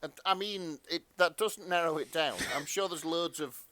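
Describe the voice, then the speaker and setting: A man in his thirties co-hosting a casual podcast chat, with wry deadpan jokes. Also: on the high side, normal speed, a crowd in the background. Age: 30s. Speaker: podcast co-host.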